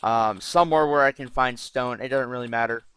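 A man's voice: medium pitch, brisk, a bit bright, a little hiss or hum. A man giving casual gameplay commentary as a channel host, brash and profane, rambling as he plays.

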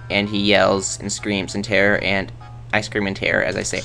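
A man's voice: fairly low pitch, little pitch movement, unhurried, creaky, pushed and bright, soft background music. A man rambling through casual game commentary in a goofy, self-mocking way, tossing in silly sound effects. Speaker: let's play host.

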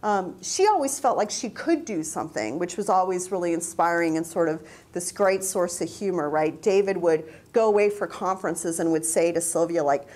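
Speaking at a moderate pace with few pauses, this middle-aged university staff member reflects on her experiences in a darkish voice. She tells stories and acts out remembered exchanges, lifting her pitch for the quotes.

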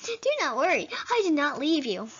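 A woman reading aloud the lines of a gentle, motherly goat-monster caretaker from a video game. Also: high-pitched, big pitch swings, moderate pace. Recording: dull lo-fi recording.

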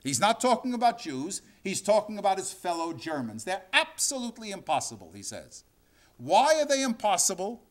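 Animated man giving a history lecture. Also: normal speed. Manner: dramatic, acts out quotes with sweeping pitch. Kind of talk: university lecture.

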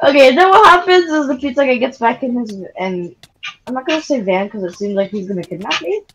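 A high-pitched woman rambles through a casual story time as she plays a game. She circles back, trips on filler words and keeps going. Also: expressive, fast, low-quality recording. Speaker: storyteller while gaming.

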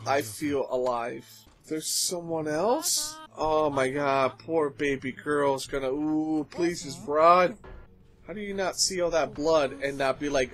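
A man's voice: fairly high pitch, animated, slow pace, a bit bright. A man hosting an anime reaction, talking casually with frequent gasps, exclamations and slangy asides.

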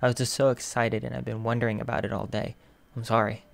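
A man's voice: mid-range voice, flat delivery, quick pace, vocal fry, natural voice. Brief: a man playing a timid, jittery teenage boy who stumbles over words, fan fiction audiobook. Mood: anxious. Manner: nervous, apologetic, stammering. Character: shy anxious teenage boy who stammers.

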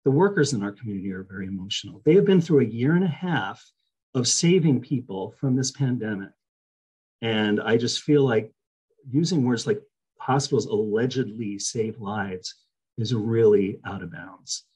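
A man testifying at a public hearing, emphatic and openly emotional. His voice has a husky edge. It comes through a video call. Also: medium pitch, animated, normal speed, warm tone, rough recording. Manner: impassioned, emphatic. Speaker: hearing witness.

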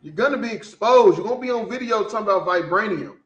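A man hosting a podcast, talking in casual, profane, animated commentary and laughing often. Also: high-pitched, fast, echoey room, lo-fi sound. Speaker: podcast host.

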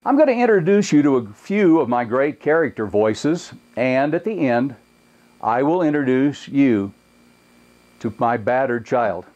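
A man's voice: mid-range voice, animated, a little slow, darkish tone, lo-fi sound. An older man recording a dry, self-mocking comedic video message.

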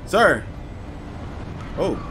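A man's voice: drawn-out words, pushed and bright, slight background noise. A young man casually commenting on gameplay, joking and sarcastic toward the characters. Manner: jokey, sarcastic, mocks the game characters. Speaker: gaming channel host.

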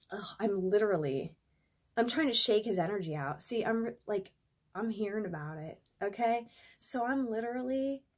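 A woman's voice: mid-range voice, slightly rough. A young adult woman vlogger telling a rambling, profane, exasperated story in a casual storytime vlog.

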